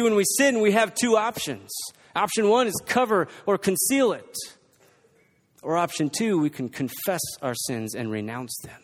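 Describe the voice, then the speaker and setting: A man preaching a sermon, reading scripture and pressing his points with emphatic, repeated exhortations. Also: a little high. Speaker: pastor. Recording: long reverb from a large hall.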